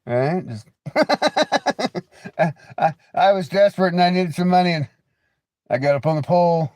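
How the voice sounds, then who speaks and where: A man's voice: a little high, moderate pace, mellow, no room sound. A man hosting a casual livestream, rambling, joking, laughing often and teasing viewers with crude banter. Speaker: livestream host.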